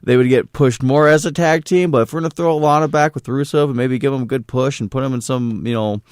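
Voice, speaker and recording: Clear-voiced, swearing podcast co-host, man. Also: medium pitch, steady tone, fast, dry recording, clean studio sound. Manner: swears freely, emphatic and blunt. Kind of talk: casual chat.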